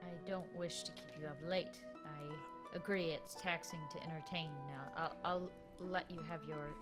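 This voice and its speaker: A woman's voice: sits low, fairly even intonation, normal speed, loud music behind the voice. A woman playing a tabletop game in character, polite and tentative. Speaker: player. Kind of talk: in-character tabletop role-play.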